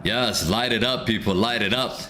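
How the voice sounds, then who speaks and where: A man's voice: lowish voice, moderate pace, pushed and bright, a faint crowd, slight background noise. Man hyping a live match to chat. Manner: repeats phrases, urges chat, erupts when a goal goes in. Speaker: watchalong streamer.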